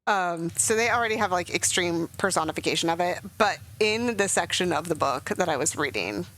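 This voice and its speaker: A woman's voice: fairly low pitch, expressive, fairly quick, fairly bright tone, slight background noise, rough recording. A young woman streaming a game, chatting casually and emotionally with lots of fillers. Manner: rambling, emotional, many fillers. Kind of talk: casual gameplay commentary.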